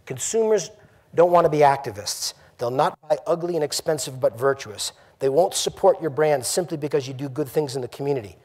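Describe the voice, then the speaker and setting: Husky middle-aged man giving an animated talk. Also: fairly high pitch, fairly quick. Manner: animated, emphatic, rhetorical questions to the room. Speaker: company CEO giving a college address. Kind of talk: conversational speech to an audience. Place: lecture hall.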